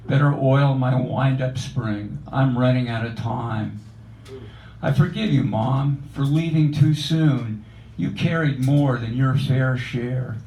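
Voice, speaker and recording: A man reading his own poetry aloud in a measured, reflective recitation at a cafe open mic. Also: mid-range voice, dark tone. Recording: echoey cafe room.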